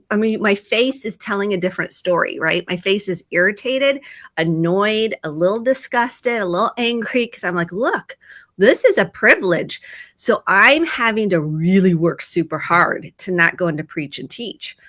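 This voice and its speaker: A woman's voice: mid-range voice, sharp tone, no room sound. A woman therapist talking casually on a video call, telling stories and acting out her own quoted lines with animation. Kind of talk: video chat about mental health.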